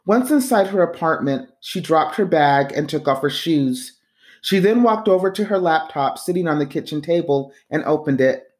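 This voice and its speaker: A woman narrating a novel in a measured, even reading. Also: deep voice. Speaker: audiobook narrator. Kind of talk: scripted narration.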